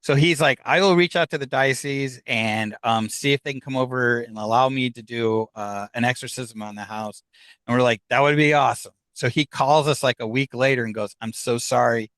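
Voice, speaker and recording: A man, a podcast guest, telling a story in a casual, animated way and acting out the dialogue with laughs between lines. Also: mid-range voice, moderate pace, no room sound, low-quality recording.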